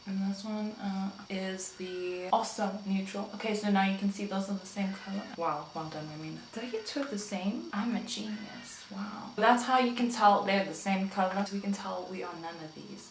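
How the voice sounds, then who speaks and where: A woman's voice: medium pitch, normal speed. A young woman from South Africa chats her way through a makeup tutorial, playful and joking with herself. Her voice sits in a roomy, echoey space with a faint hiss of background noise. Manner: chatty and playful, talks to herself and the viewers. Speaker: beauty vlogger. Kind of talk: casual makeup tutorial chat.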